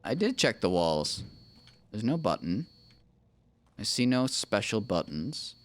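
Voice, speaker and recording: On a casual gaming livestream with his wife, a man banters playfully, calls out his own moves and hums silly little tunes. He speaks slowly in a lowish voice with wide pitch swings.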